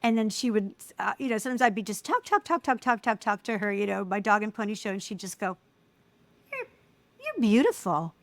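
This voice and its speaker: A middle-aged woman speaking as an interview guest, telling personal stories in an animated way and acting out the voices of people she quotes. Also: mid-range voice, fast, creaky, hardly any pauses, no echo. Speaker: guest, filmmaker. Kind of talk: casual interview conversation.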